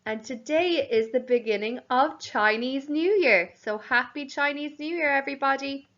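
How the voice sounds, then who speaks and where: A woman teaching young children a home learning lesson, speaking clearly in a sing-song teacher voice and spelling words out slowly. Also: high-pitched, fairly bright tone, highs cut off. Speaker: primary school teacher.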